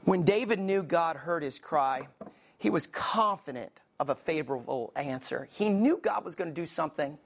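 A man's voice: a little high, animated, moderate pace, vocal fry. A man delivers a sermon from the pulpit as pastor. He preaches with passion, talking the way one talks with friends, and keeps turning to his listeners with questions. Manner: impassioned, conversational preaching with many asides to the congregation.

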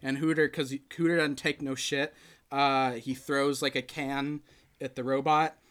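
A man hosting a podcast, chatting casually and retelling a film with lively acted-out quotes. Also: mid-range voice, moderate pace, smooth. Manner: animated storytelling, acts out quotes. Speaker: podcast host. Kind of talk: casual chat.

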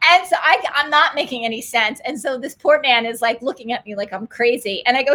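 A middle-aged woman hosting a faith talk show, telling a story with lively energy and frequent laughter. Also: high-pitched. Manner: excited storytelling, laughs often, fast animated retelling.

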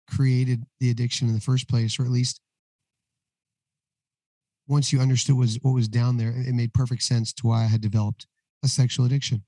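A man with a hoarse voice, talking candidly as a guest in a casual podcast interview, telling a personal story. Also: mid-range voice, warm tone, dry recording, low-quality recording. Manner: candid, storytelling, acts out dialogue. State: hoarse, voice recovering after losing it. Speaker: guest, recovery ministry co-founder.

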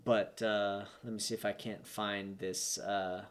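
A man's voice: lowish voice, little pitch movement, measured pace, background noise. A drunk man co-hosting a podcast in casual chat, hesitant and full of fillers, swearing now and then. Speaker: podcast co-host.

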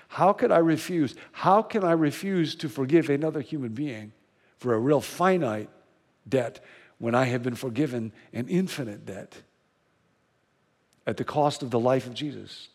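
A male pastor delivers a sermon in a storytelling manner, with earnest and deliberate repetition. His mid-pitched voice rings out with a long reverb through the church sanctuary. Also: darkish tone.

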